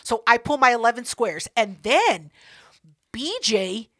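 A woman's voice: on the high side, expressive, unhurried, fairly bright tone, no room sound. A woman hosting a podcast in casual chat, telling a party story with lots of swearing and acting out other people's lines. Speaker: podcast host.

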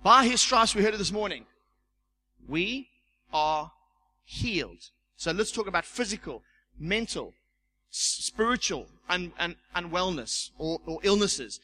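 A church elder preaching with a high, bright voice, acting out the people in his story. He repeats words as he builds up, with a faint hiss under the recording. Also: expressive, a little slow, pauses often, poor audio. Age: young adult. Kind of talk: sermon with personal testimony.

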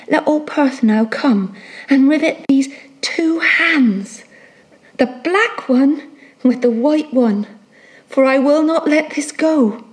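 A woman's voice: high-pitched, pitched above the performer's own voice. A woman reading an audiobook, voicing a crazed, forlorn young ship's boy in a wandering, sing-song way.

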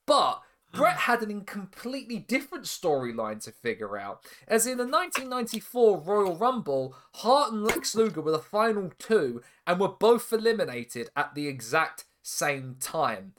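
A man hosting a podcast, recapping in a casual way with animated storytelling, swearing freely and laughing often. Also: high voice, normal speed, few pauses. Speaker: podcast host.

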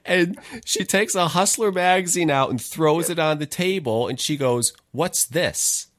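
A man's voice: a little high, moderate pace. A man, hosting a casual chat and telling stories with frequent laughter. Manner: animated, laughs often while telling stories. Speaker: podcast host.

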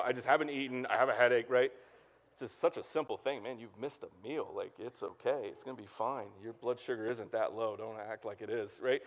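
A man preaching a sermon as pastor in a relaxed, conversational way, full of fillers and asides to the congregation. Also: mid-range voice, a little fast. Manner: casual and chatty, lots of "like" and "right?".

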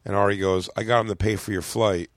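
A man's voice: on the low side, quick pace, dry recording, clean studio sound. A man, a comedian, chatting casually on a podcast, rambling through a story with many restarts. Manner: rambling with fillers and restarts, excitable. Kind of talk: casual chat. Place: podcast studio.

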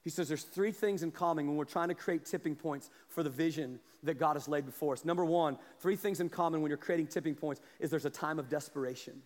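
A high-voiced man preaching in a church, his words trailing off in a long hall echo. He drops to quiet asides, then rises to shouted calls. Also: quick pace, few pauses. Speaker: pastor. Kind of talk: sermon. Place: church sanctuary. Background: congregation responding.

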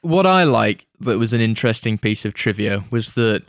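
A man in casual chat, playful and quick to laugh. His voice sits mid-range but swings widely in pitch. The recording is dry and close. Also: animated, no room sound.

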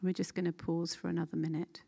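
A woman leading a guided scripture meditation, reading a passage aloud and calmly inviting listeners to pause and reflect. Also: on the low side, vocal fry, breathy edge. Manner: calm, unhurried, gently instructive with pauses.

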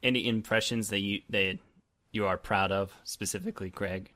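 A man's voice: fairly low pitch, fairly even intonation, moderate pace, pushed and bright, faint music behind. A man hosting a casual podcast chat over an online call, teasing and playful, with a bit of a cough. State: has a cough. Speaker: podcast host.

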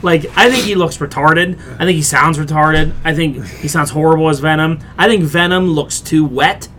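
Male host, bright and forceful tone, rambling opinionated chatter. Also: a little high, moderate pace, slight background noise. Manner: opinionated, rambling with many restarts. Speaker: podcast host. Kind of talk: casual chat.

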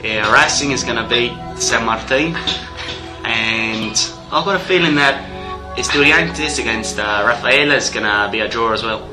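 A man reading out football predictions in a put-on Australian accent, in a breezy, quick listing manner. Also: mid-range voice, reverberant, music in the background, lightly acted, poor audio.

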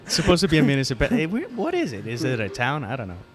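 A man's voice: medium pitch, huge pitch swings, rapid-fire. A man from Puerto Rico, a guest author, chatting casually and jokingly in a coffee shop, with some stumbling restarts. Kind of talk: casual interview chat.

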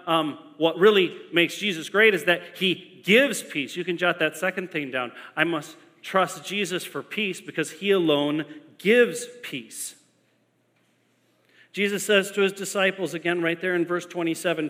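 Bright-voiced preacher in an echoing hall. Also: male voice, sits high. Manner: animated storytelling with emphatic repetition. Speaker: pastor. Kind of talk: sermon. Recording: long echo of a large hall.

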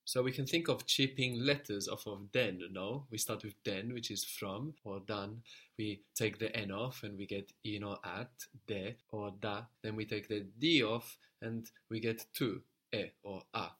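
A man's voice: fairly low pitch, steady tone, a little slow, fairly bright tone. A man teaching a language lesson, patiently prompting a learner and giving short praise.

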